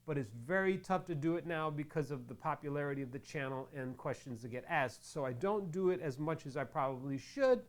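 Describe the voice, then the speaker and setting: A man's voice: a little high, lively intonation, fairly quick, hardly any pauses. A middle-aged man hosting a crafting tutorial, chatting casually and rambling into jokes while he works with his hands. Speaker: crafting channel host.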